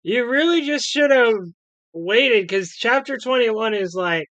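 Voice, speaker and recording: A woman's voice: on the high side, expressive, measured pace, fairly bright tone, no room sound, dull audio. A woman chatting casually in the room, teasing the reader with questions. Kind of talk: casual chat.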